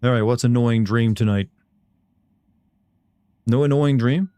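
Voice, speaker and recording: A man's voice: mid-range voice, unhurried, warm tone, clear, resonant tone, no room sound. A man giving casual live commentary while playing a game, swearing freely and talking to himself as he reacts. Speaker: gaming streamer.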